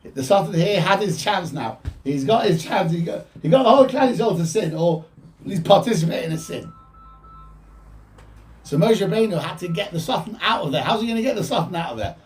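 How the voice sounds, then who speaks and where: A man giving an informal Torah class, quoting Hebrew texts and explaining them in with lively energy. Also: sits high, fairly quick, a little hiss or hum. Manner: animated, quotes Hebrew texts then explains in English. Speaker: rabbi teaching a Torah class. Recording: voice from a distance from the mic.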